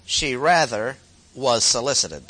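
A man's voice: mid-range voice, animated, takes it slowly, sharp tone. A man teaching a Bible lesson, reading verses aloud and stopping to explain them with short asides and repeated key phrases. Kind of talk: expository Bible lecture.

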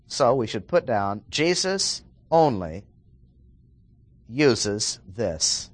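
A man preaching a verse-by-verse sermon, emphatic and slowing down to stress the key words. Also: medium pitch, big pitch swings, no echo.

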